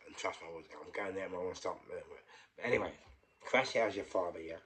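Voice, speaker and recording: London bloke, rambling storyteller, low voice, drops to whispers. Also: male voice, brisk, fairly bright tone, slight background noise. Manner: rambling, emphatic, drops to a whisper when quoting himself. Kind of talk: casual storytelling monologue.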